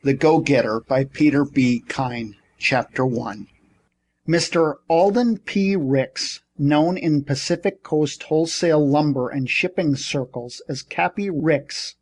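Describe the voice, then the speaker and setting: A man reading an audiobook in measured, scripted narration. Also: a little high, darkish tone.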